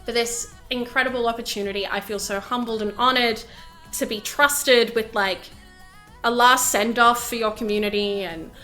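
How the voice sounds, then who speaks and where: A woman's voice: on the high side, steady tone, moderate pace, sharp tone, faint music behind. A woman streamer chatting casually to her live audience in a bubbly, talkative way, full of fillers. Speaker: VTuber streamer. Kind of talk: casual livestream chat.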